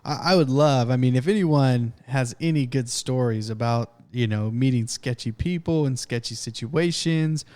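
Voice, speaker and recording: A man in a casual podcast chat with a medium-pitched voice. He talks in a relaxed, matter-of-fact way and fills pauses with "I mean". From California. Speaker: podcast co-host.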